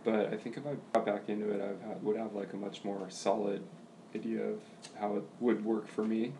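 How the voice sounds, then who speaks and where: A man's voice: fairly low pitch, fairly quick, background noise. A young man, a college volleyball coach, chatting casually as a podcast guest and thinking aloud. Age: young adult. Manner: relaxed, thinking aloud with fillers.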